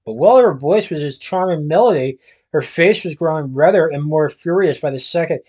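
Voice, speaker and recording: Man, storybook reader, steady reading, slightly high voice, husky. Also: fairly quick. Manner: steady reading with occasional restarts.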